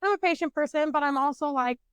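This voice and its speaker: A woman's voice: sits high, fast talker, fairly bright tone, no room sound. Candid, profane young woman telling stories. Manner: profane, candid, self-mocking; rambling with frequent fillers and restarts. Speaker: podcast co-host. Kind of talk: casual storytelling chat.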